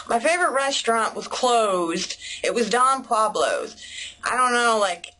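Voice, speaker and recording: A woman's voice: fairly high pitch, lively intonation, slow pace, sharp tone, slight background noise, low-quality recording. A young woman, chatting casually to camera in a bubbly, rambling way. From United States. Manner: bubbly, rambling, heavy use of "like". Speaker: vlogger.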